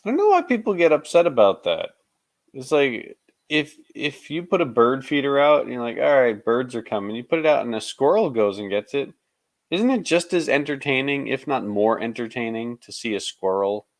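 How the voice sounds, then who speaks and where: A man co-hosting a casual chat, trading teasing jokes with his partner. His voice sits at an ordinary middle pitch. The close, dry recording has no room echo. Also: very animated, moderate pace. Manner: teasing, joking banter. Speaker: podcast co-host.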